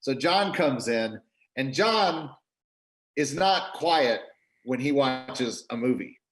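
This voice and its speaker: Animated man telling a director's story. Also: mid-range voice, slow. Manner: animated, acts out quotes, many restarts. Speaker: film director. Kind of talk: interview storytelling. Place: video call.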